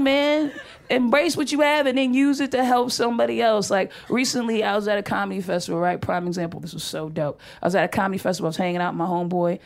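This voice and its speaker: A woman's voice: a little high, fast, vocal fry, a little hiss or hum. A woman performing a stand-up comedy set on a club stage, brash and profane, telling stories in a loose conversational way into a handheld mic.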